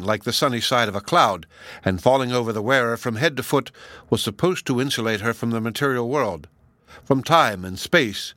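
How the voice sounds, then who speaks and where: A man narrating a classic novel as an audiobook, reading long sentences in a measured, expressive way. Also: medium pitch, no echo. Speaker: audiobook reader.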